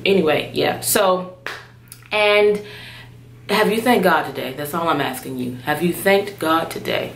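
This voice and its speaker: A woman vlogger talking casually to her viewers. She is chatty and expressive and breaks into loud, alarmed exclamations. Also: fairly low pitch, measured pace, a little hiss or hum. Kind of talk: casual vlog chat.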